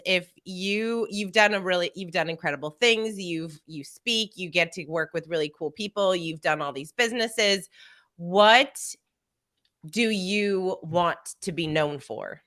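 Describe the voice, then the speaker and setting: Bright, slow-talking woman host. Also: on the low side. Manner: upbeat, encouraging. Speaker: podcast host. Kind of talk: casual interview chat.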